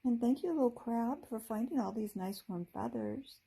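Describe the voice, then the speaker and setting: A woman voicing a tiny, weak young female fairy who speaks softly and sleepily. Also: on the high side, normal speed, gravelly, breathy edge, voice pushed up. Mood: weak, sleepy. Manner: sleepy, soft and sweet.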